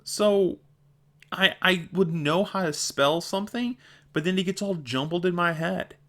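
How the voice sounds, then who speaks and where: A man's voice: sits high, measured pace, sharp tone. A man talking casually to camera in a vlog, often stumbling over and repeating words and laughing at his own slips. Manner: chatty and self-deprecating. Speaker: video creator.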